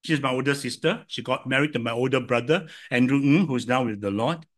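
An older man with a Singaporean English accent preaching a sermon, telling stories and swinging from loud to soft. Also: medium pitch, fairly quick. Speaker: pastor.

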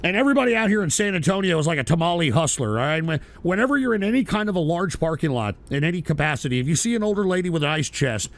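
A man's voice: fairly high pitch, big pitch swings, rapid-fire, few pauses. A middle-aged man hosting a call-in radio show, ranting crudely and abrasively at callers.

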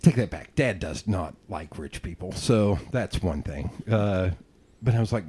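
Low, mellow-voiced male podcast host. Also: expressive, measured pace, slight background noise. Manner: rambling, profane, self-deprecating storytelling. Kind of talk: casual interview chat.

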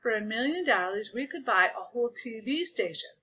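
A patient elementary teacher who asks questions in a measured way, as a woman reads him. The voice is high and bright, with a lively lilt. The recording is dull and lo-fi. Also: slightly rough, heavily acted.

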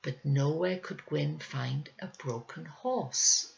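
A woman reading a children's novel aloud in a measured, gentle way. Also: deep voice, lively intonation, creaky, highs cut off. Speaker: audiobook reader. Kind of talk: scripted narration.

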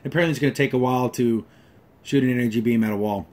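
Male host reviewing an episode, mid-pitched, sarcastic, exasperated, fillers and restarts. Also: racing, darkish tone. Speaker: show reviewer.

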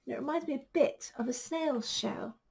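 A woman teacher reading a picture book aloud to children, gentle and slow, sometimes dropping to a soft whisper. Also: high voice, creaky.

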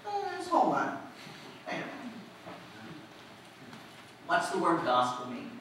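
A woman preacher giving a lively storytelling sermon, asking the congregation questions as she goes. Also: low-pitched, slow. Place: church. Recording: echoey hall, distant mic, faint noise.

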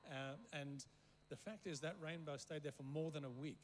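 A guest preacher who grew up in Africa and came to English only at school tells a winding story, stopping often to check in with his listeners. His man's voice sits fairly high. A faint hum runs behind him. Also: steady tone, normal speed, rough recording. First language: not English. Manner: rambling anecdotes, keeps checking in with the room. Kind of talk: storytelling sermon.

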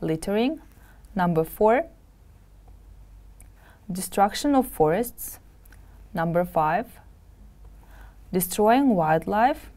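A woman's voice: mid-range voice, expressive, warm tone. A woman teaching English in a televised lesson. She sounds each word out carefully and repeats it for students to copy. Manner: slow, careful drills with repeated words.

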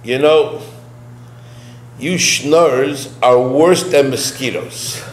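A man's voice: medium pitch, slow, a crowd in the background, close to an everyday voice. A man voicing a sarcastic man on a porch who mocks a fundraiser with dry wisecracks, in a roomy space with a faint hum. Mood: mocking.

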